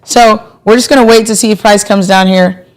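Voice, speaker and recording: A young adult woman hosting a live stream about stock trading, talking casually and playfully, with sudden bursts of excitement as she thanks her subscribers. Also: mid-range voice, moderate pace. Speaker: livestream trading host.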